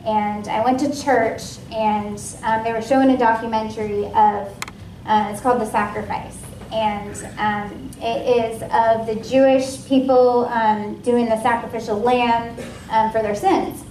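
A woman's voice: on the high side, a little slow, distant mic, a little hiss or hum. Woman's testimony, echoey room from afar. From Washington State, USA. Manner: casual, lively, full of "like" and "um". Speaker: guest speaker at a ministry. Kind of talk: personal testimony talk. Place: ministry meeting room with a live audience.

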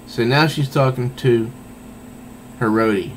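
Male comic reviewer, unhurried and rambling, mid-pitched, with a faint hum of air conditioning behind him. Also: low-quality recording. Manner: meandering, thinking aloud. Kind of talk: casual spoken review.

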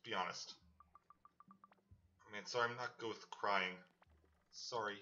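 A man's voice: lowish voice, steady tone, unhurried, bright, forceful tone. A man playing a tearful, flustered woman shopkeeper. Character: emotional woman shopkeeper, mother's old friend. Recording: slightly muffled with game music.

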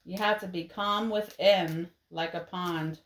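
Female tarot reader, slow measured delivery, gentle and encouraging tone. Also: lowish voice, fairly even intonation. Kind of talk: tarot card reading for viewers.

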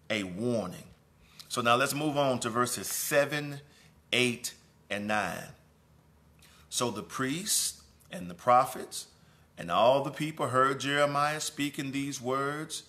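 Male pastor, bright forceful tone, preaching a Sunday school lesson with emphatic repeats and loose asides. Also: mid-range voice. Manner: preaching with emphatic repetition, swelling and dropping in volume; conversational asides and restarts. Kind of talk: sermon-style Bible lesson.

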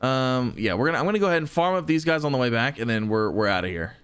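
A young man giving excitable let's-play commentary, chuckling and talking to the enemies he fights. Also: medium pitch, fast, smooth. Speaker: gaming YouTuber.

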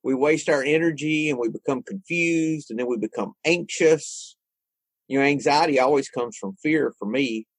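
A man hosting a casual online group discussion, relaxed and conversational, laughing easily. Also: medium pitch, normal speed, husky, dry recording. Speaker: host.

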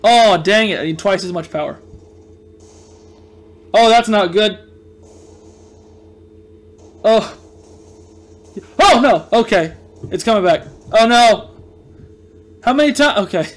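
A young man giving casual let's play commentary, excitable and self-mocking, yelping and groaning at every shot. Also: sits high, takes it slowly, pauses often. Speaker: gaming video host.

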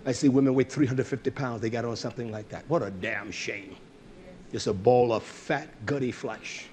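A male preacher giving a fiery, blunt sermon, swinging from shouts to low asides. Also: moderate pace.

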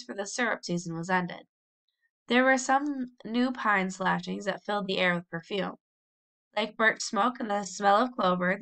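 Bright-voiced woman reading a storybook. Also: mid-range voice, vocal fry. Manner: lively, with brief cheerful character voices. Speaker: audiobook reader. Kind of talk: storybook narration.

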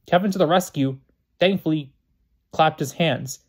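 A man reads a novel aloud in a plain, unpolished way. His voice sits a little higher than most men's. He often trips over words and goes back to restart them. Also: a little fast, a little mellow. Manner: plain reading with frequent slips and restarts. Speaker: reader.

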